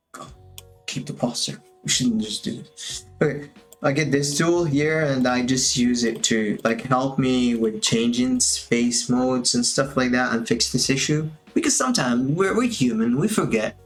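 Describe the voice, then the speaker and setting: Chatty male animator thinking aloud. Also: mid-range voice. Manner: casual, chatty, talks to himself while working. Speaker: animation instructor. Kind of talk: livestream tutorial commentary.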